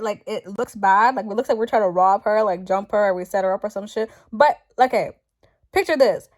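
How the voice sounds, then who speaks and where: A young woman recounting a story straight to camera in a loose, rambling way. She talks casually, piles on fillers and curse words, and keeps the telling animated. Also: mid-range voice. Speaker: vlogger.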